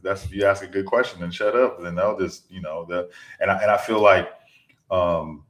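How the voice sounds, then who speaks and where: Brief: male financial advisor, very deep voice, rambling casual talk, roomy echo on the mic. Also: fairly even intonation, normal speed. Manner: rambling, repeats words while searching for a thought. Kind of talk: casual podcast conversation. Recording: echoey room sound.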